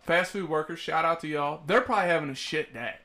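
A man's voice: a little high, fast talker, sharp tone. A man hosting a casual podcast, joking at his own expense and swearing freely. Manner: self-deprecating, swearing, joking. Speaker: podcast host. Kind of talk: casual chat.

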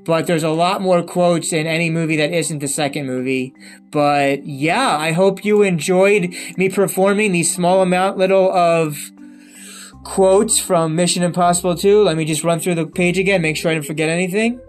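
A man's voice: sits high, fairly even intonation, moderate pace, soft background music. A man hosting his own channel, chatting casually and rambling through a sign-off. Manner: chatty, rambling, repeats himself. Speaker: channel host.

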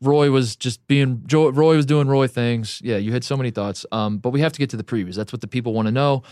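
A man's voice: mid-range voice, fairly quick, darkish tone, dry recording, clean studio sound. A man co-hosting a casual sports podcast, offering wry, deflating commentary. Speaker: podcast co-host.

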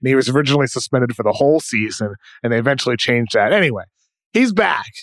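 Man, New England accent, mid-pitched, dry studio sound, brisk informal podcast host. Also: expressive, fairly bright tone, no room sound. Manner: brisk, informal, rundown style. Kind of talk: casual basketball chat.

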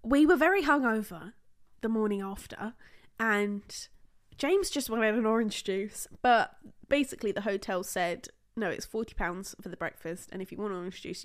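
A young woman co-hosting a podcast in casual chat, chatty and quick to laugh. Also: medium pitch. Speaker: podcast co-host.

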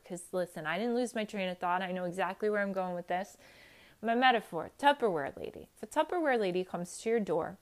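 A woman giving a candid personal monologue, blunt and emphatic, swearing casually and acting out quotes as she tells stories. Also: fairly high pitch. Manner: animated storytelling with acted-out quotes.

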